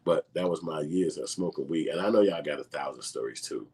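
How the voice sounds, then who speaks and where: A man in his forties tells a personal story in a casual, profane, laid-back way. His voice is very deep and husky. He slips into quoted lines as he talks. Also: brisk, mellow. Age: 40s. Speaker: vlogger telling a personal story.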